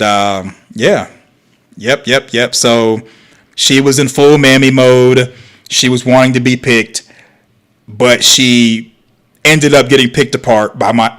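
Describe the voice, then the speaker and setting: A man's voice: medium pitch, a bit bright. A male streamer comments on clips in a mid-range voice. He is sarcastic and mocking, and lectures his viewers directly. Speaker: host. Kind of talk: livestream commentary.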